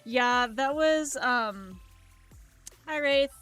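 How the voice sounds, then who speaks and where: A woman's voice: sits high, animated, drawn-out words, fairly bright tone, faint music behind. A young woman streaming live as she draws, telling long rambling stories full of "like" and "um" in casual chat. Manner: rambling storytelling, lots of "like" and "um".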